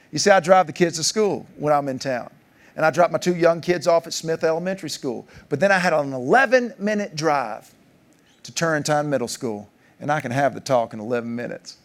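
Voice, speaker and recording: A man in his forties tells stories from the stage of a conference keynote. His voice sits a little high and leaps even higher for punchlines, with an easy, jokey storytelling manner. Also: brisk. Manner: animated, jokey storyteller, pitch jumping up for punchlines. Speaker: keynote speaker. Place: large conference hall.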